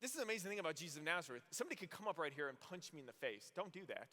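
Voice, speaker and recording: A young adult man, a priest from Arizona, telling funny stories in a homily and acting out the voices. His voice sits a little high and comes across bright and forceful. The sound has the long reverb of a large hall. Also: racing. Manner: animated storytelling, acts out voices. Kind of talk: youth conference homily.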